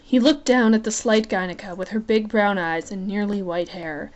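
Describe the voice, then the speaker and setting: A woman's voice: medium pitch, fairly even intonation, normal speed, darkish tone, highs cut off. A woman reading a romance novel aloud in a casual fan audiobook, with chatty, joking asides between passages. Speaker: reader.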